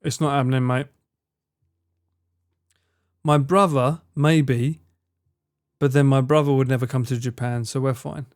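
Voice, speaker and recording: A man's voice: medium pitch, fairly even intonation, measured pace, pauses often, no echo, studio quality. A young man streaming live, chatting with his viewers in a teasing, mock-outraged way and swearing freely. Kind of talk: casual live-stream chat.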